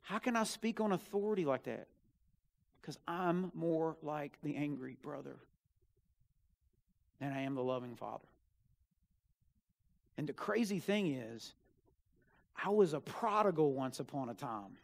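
A young man with a notably high voice preaches to a congregation, earnest and pleading. He pushes hard on key words and then drops to hushed asides. The sound is a church sermon. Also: expressive, a little slow, creaky, long pauses. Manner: earnest, pleading, swings between loud emphasis and hushed asides. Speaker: student minister. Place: church sanctuary.

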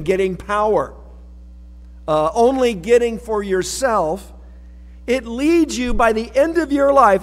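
A man's voice: high-pitched, in a large hall. A male pastor giving a sermon in a folksy, conversational way with light humor, recorded in a church sanctuary.

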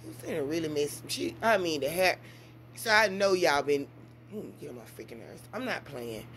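Mom vlogger, woman, talks straight to camera in loose, animated storytelling. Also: moderate pace, slight background noise. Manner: animated storytelling with big swings in pitch and volume. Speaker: mother and vlogger. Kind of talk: casual vlog chat.

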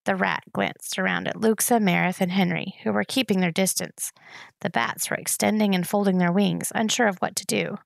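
A woman reading a novel aloud in a steady storytelling manner. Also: medium pitch, moderate pace, gravelly, no room sound. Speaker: audiobook reader.

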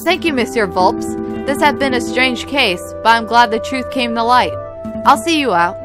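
A woman's voice: fairly high pitch, animated, normal speed, over music, lightly acted. A woman doing a curt, dry falcon lawyer. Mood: polite.

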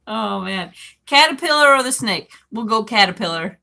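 Slow-talking bright-voiced woman chatting live. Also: a little high, animated, creaky. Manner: chatty, laughs often, reads comments aloud. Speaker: livestream host reading chat. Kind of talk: casual live chat.

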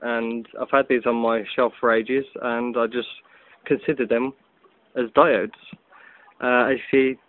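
With slight background noise behind him, a hobbyist video maker speaks in an unhurried, level, mid-range voice while casually showing a gadget outdoors in the afternoon sun. The phone-camera recording comes out tinny, and he rambles loosely with many ums and restarts.

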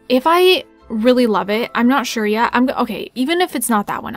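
A young woman giving casual, excitable gameplay commentary, talking fast and chatty as she plays. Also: fairly high pitch, no echo. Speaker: gaming YouTuber.

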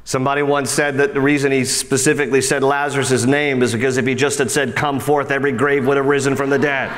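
A man preaching a sermon as pastor, animated and conversational, swinging between emphatic high lines and soft low ones, with frequent casual asides. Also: fast talker, in a large hall. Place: church sanctuary.

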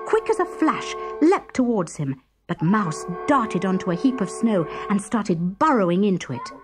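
A woman narrating a children's story in a gentle, expressive storybook manner. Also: a little high. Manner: gentle, expressive read-aloud. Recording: music bed behind.

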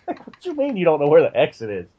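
A man's voice: on the high side, fast talker, husky. A young man telling a rambling, profane workplace story in casual chat. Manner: rambling and profane, animated when telling stories. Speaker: podcast co-host. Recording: dull lo-fi sound.

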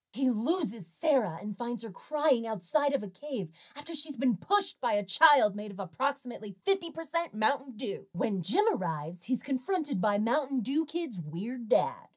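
A woman hosting a comedic film review, narrating with sarcastic, jokey asides. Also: fairly high pitch. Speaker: film reviewer and show host.

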